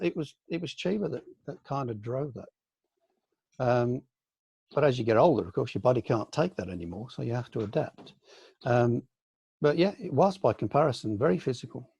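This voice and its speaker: An older man from the UK, a senior aikido teacher, reminiscing in a relaxed online question-and-answer session, with many ums and restarts. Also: medium pitch, a little fast, vocal fry, husky, no room sound. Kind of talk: casual online Q&A. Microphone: video call.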